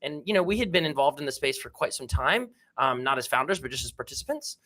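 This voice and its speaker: A man's voice: medium pitch, expressive, quick pace, sharp tone. A man appearing as a guest on a casual livestream, talking in an enthusiastic, slangy, upbeat way. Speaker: guest, project founder.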